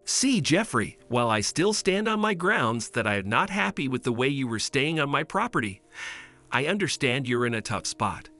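A man's voice: medium pitch, sing-song, normal speed, soft background music. A man playing a stern protective mother. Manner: sharp, scolding.

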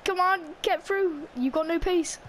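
A young woman playing a football video game against a friend, trash-talking with cocky, excitable banter and frequent stammered restarts. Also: very high-pitched, measured pace, a little hiss or hum. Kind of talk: casual gaming chat.

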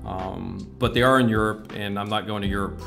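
With a lowish, steady, fairly bright voice and a brisk pace, an American man leads a casual livestream demo on scale-model painting. He chats and rambles, swearing casually, over clearly playing background music.

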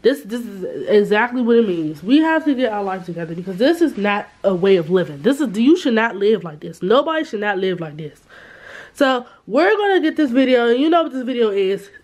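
Her voice is fairly high, very animated, a little fast and a little mellow. A woman in her twenties, she vlogs casually to a camera she holds or set up herself, chatting with fillers and asides to viewers in a store and then in her bedroom.

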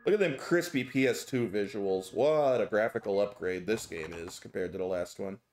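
A man streaming a video game, commenting casually with a playful, joking manner and lively reactions. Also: lowish voice, normal speed, soft background music.

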